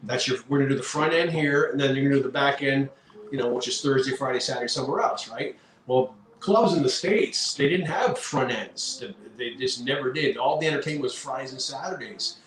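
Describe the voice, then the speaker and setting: A middle-aged man from Canada, a rock musician telling animated road stories in a casual interview, with lots of fillers. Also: mid-range voice, a little fast, far from the mic. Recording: roomy echo with faint background hum.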